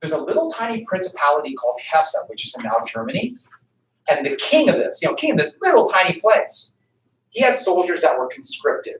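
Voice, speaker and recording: Speaking a little fast in a slightly high voice, a man delivers a history lecture as an animated story, acting out quotes and quizzing his students. The audio comes from an echoey classroom with him far from the mic.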